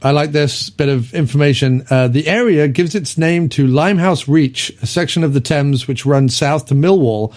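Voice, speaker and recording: A man talking through an old film in a loose, casual podcast chat. His voice sits a bit high for a man, and he rambles, filling gaps with ums and breaking into laughs. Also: normal speed, few pauses, a little mellow. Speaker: podcast host. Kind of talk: casual movie review chat.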